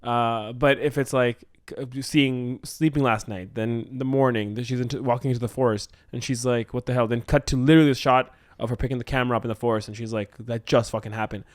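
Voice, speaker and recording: A man pitching a horror short in casual chat, rambling with lots of fillers and acting out the character's lines. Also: fairly even intonation, fast, few pauses, dry recording, clean studio sound. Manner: rambling, full of "like", acts out lines with swearing. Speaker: co-host writing a script.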